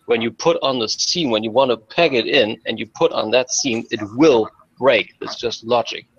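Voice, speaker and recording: A man in a casual podcast chat, explaining things deliberately and repeating his phrases. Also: mid-range voice, husky, lo-fi sound. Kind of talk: casual chat among toy collectors.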